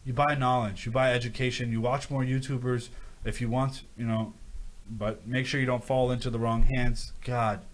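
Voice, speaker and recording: A man's voice: mid-range voice, moderate pace. A man hosting a casual crypto livestream, reading viewer questions aloud and ranting, often repeating himself. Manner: rambling, animated rants with repeated phrases.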